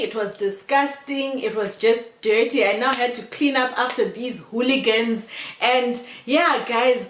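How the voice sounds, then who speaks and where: A young woman vlogger telling a storytime tale in an animated way, often calling her viewers "guys". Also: fairly high pitch. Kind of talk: storytime vlog. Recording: roomy echo.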